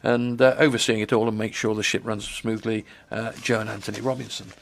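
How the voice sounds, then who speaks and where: A man's voice: lowish voice, level tone, vocal fry. A man hosting a radio food and travel show, chatting casually with lots of ums and restarts. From England. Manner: halting, many ums and restarts. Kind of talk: rambling casual radio chat.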